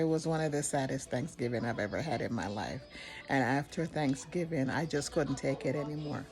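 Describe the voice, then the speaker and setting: An older woman telling a personal story in an earnest, halting way, often restarting her sentences. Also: deep voice, creaky, a little mellow.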